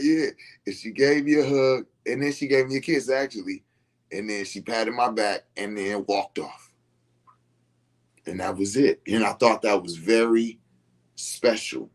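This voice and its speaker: At a moderate pace and fairly low pitch, a man tells listeners about something from his own life. He talks loosely and casually, frequently repeating points and checking that they follow him.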